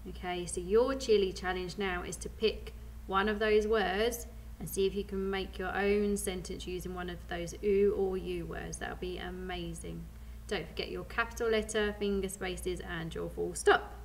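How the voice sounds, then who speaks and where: A woman's voice: medium pitch, steady tone, moderate pace, hardly any pauses, slight background noise. A woman with a British accent teaching a phonics lesson to young children, patiently sounding out words letter by letter. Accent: British English. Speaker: primary school teacher.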